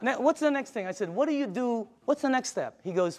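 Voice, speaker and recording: An older man with a high-pitched voice delivers an excited sales presentation at a fairly quick pace. He spins anecdotes with a pushy storytelling energy, landing each one on an emphatic punchline.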